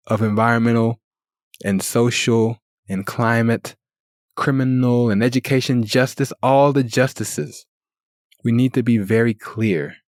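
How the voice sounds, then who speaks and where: A man's voice: fairly low pitch, darkish tone, no room sound, studio quality. Earnest man hosting a solo podcast. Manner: earnest, persuasive, strings of rhetorical questions. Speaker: podcast host.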